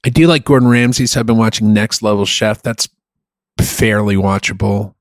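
A man's voice: fairly low pitch, fairly even intonation, moderate pace, dry recording. A man co-hosting a podcast, chatting casually and bluntly, swearing often as he rants. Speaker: podcast co-host. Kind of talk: casual profane chat.

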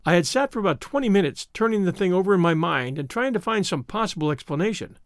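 A man reads a classic tale in the first person with a lively, rising and falling delivery. His voice sits high for a man, and the recording is close and dry. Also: fast talker, dry recording. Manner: expressive, animated first-person storytelling. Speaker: audiobook narrator. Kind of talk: scripted narration of a classic story.

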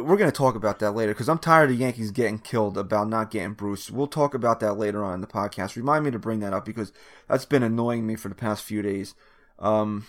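A man co-hosting a sports podcast in a rambling way that often trails off mid-thought. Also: on the low side. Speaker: podcast co-host. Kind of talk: casual sports chat.

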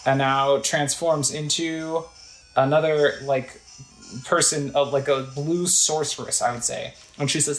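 A woman's voice: deep voice, steady tone, measured pace, echoey room, faint music behind, low-quality recording. A woman casually playing a video game, chatting about what's on screen and reading text aloud. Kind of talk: casual let's play commentary.

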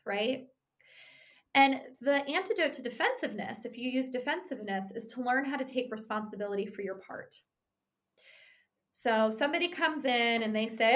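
Woman, relationship therapist, fairly high voice, chatty explainer. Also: normal speed. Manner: conversational, animated, frequent tag "right?". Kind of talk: explanatory talk on couples communication.

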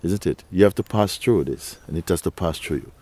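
A man giving an unhurried spiritual talk as a teacher to a gathering. He coaxes his listeners, often asks "you see?", and chuckles between phrases. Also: deep voice, animated, dark tone.

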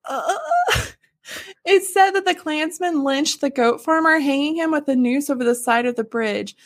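A woman's voice: sits high, normal speed. A woman from Texas co-hosting a casual podcast, reading listener emails aloud and chatting, giggly and swearing casually. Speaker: podcast co-host.

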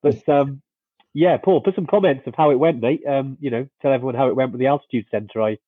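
A man's voice: medium pitch, fast, slightly rough, no echo. Man on a tinny phone-like line. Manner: friendly, laid-back, many fillers. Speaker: co-host of a live outdoor chat stream. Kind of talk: casual live-stream chat.

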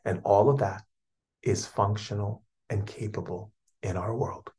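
A man's voice: on the low side, steady tone, unhurried, dark tone. A man giving a spiritual talk as a teacher, speaking in flowing, repetitive, soothing phrases.

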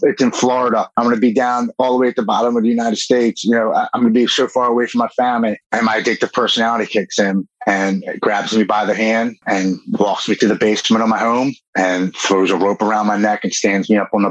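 A man in his forties from Baltimore, Maryland, speaks in a husky, slightly low voice. He tells a personal story as a podcast guest, earnest and emotional, and often repeats words. The sound is close and dry, with no room echo. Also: level tone, fast, hardly any pauses. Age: 40s.

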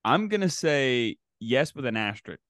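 A man's voice: mid-range voice, very animated, normal speed, fairly bright tone, no echo. Wry man with a dry close sound. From West Virginia. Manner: wry, teasing reactions. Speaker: podcast co-host. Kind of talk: casual chat.

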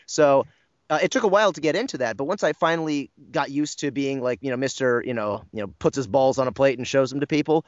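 A man's voice: mid-range voice, quick pace, no room sound, lo-fi sound. A man who voices cartoon characters, chatting casually in an interview, rambling, joking about himself and swearing now and then. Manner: rambling, self-deprecating, jokey, swears. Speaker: voice actor guest.

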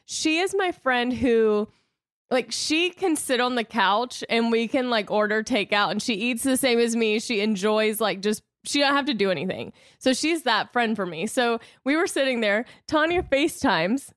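A woman's voice: fairly high pitch, animated, normal speed, dry recording, studio quality. A woman in her thirties co-hosting a casual chat, telling long stories and laughing often. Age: 30s. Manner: chatty storyteller, laughs often.

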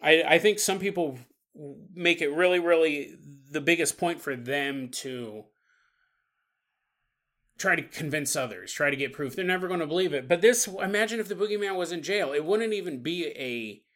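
A man's voice: fairly high pitch, animated, moderate pace, fairly bright tone. A man hosting a paranormal podcast, rambling through a comedic monologue, laughing often and acting out silly voices. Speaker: podcast host.

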